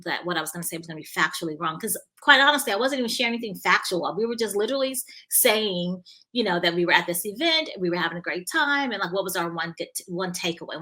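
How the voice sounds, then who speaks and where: A bright, clear-toned woman hosting her own show and talking straight to her listeners. She tells a personal story with lots of emphasis and swings her voice high to act out the people in it. Her tone sits in a middle register but rings bright and forward. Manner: animated, acts out quoted voices with big pitch jumps; emphatic, addresses listeners directly. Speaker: podcast host and coach.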